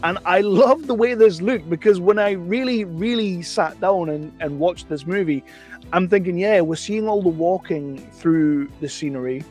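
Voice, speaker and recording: A man with a notably high voice rambles through a casual film review, opinionated and chatty, stopping to correct himself as he goes. Faint music plays underneath him. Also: moderate pace, darkish tone.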